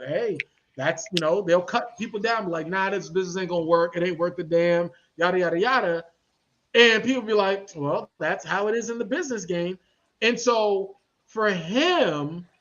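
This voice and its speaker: A man hosting a podcast, talking in a casual, animated and slangy way and acting out the people he quotes. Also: high voice, muffled recording. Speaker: podcast host. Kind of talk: casual commentary chat.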